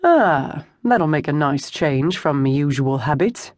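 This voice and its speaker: An audiobook narrator voicing a rough older man, a former lawman turned hired thug, wry and sardonic. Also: mid-range voice, lively intonation, unhurried, a little mellow, dry recording, close to an everyday voice. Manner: sardonic, dry wit.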